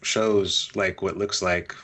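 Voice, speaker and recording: A man's voice: low-pitched, fairly even intonation, slow, pushed and bright. A man co-hosting a casual film review podcast, wry and sarcastic, often restarting his sentences. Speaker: podcast co-host. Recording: dull lo-fi mic.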